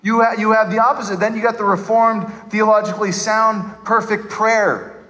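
A man preaching a sermon to his church, animated and conversational, acting out people's voices to poke fun. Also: high-pitched, moderate pace, in a large hall, low-quality recording. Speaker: pastor.

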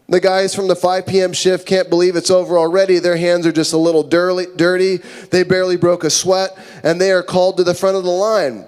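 Male pastor, sermon, storytelling with acted voices, slightly high voice, long reverb. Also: moderate pace, hardly any pauses, clear, resonant tone. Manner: animated storytelling, acting out characters' voices.

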